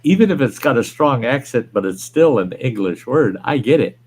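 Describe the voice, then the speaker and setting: A man's voice: mid-range voice, very animated, moderate pace, hardly any pauses, a little mellow. A man hosting a livestream, chatting casually, rambling and reading viewer comments aloud. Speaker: livestream host. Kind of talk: casual chat.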